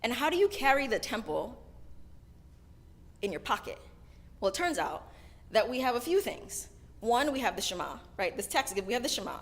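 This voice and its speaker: A woman giving a casual storytelling sermon at a synagogue service, chatty and keeps adding "right?" as she talks. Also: mid-range voice. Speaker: sermon speaker.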